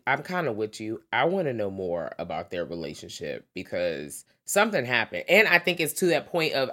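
A woman's voice: sits low, fairly bright tone. A woman co-hosting a podcast, chatting casually and profanely about a horror movie and acting out the characters' lines. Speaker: podcast co-host. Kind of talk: casual movie-review chat.

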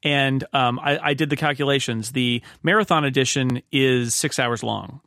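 A man's voice: medium pitch, moderate pace, gravelly, sharp tone, no echo, studio quality. A man hosting a podcast in casual discussion, chatty and given to stammering restarts. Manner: chatty, stammers and repeats words. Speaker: podcast host.

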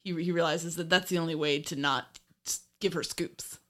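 A woman's voice: low-pitched, fairly even intonation, normal speed. Chatty, laughing woman podcaster. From Ireland. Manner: chatty, laughs often, swears casually. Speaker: podcast co-host. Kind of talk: casual film discussion podcast.

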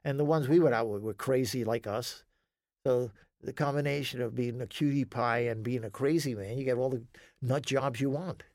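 A man's voice: mid-range voice, normal speed, a little mellow. A man sharing his story as a guest in an interview. His telling is emphatic and rambling, laced with swearing. The recording is dry and close, with no echo. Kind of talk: storytelling in a conversation.

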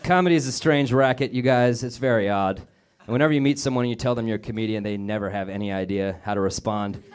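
A man from Denver doing a sarcastic stand-up comedy set on stage with a handheld mic, often slipping into quick put-on voices. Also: on the low side, some chatter behind. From Denver, Colorado. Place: comedy club stage with a laughing audience. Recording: live club recording with audience noise.

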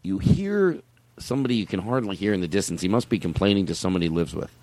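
A man hosting a podcast, telling a story in casual chat with animated energy and swearing. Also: deep voice, fast talker, no echo.

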